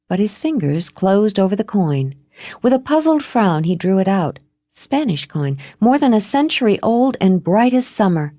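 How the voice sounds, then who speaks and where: A woman narrating a romance novel in a measured, expressive reading. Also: medium pitch, no echo, studio quality. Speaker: audiobook narrator. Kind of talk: scripted narration.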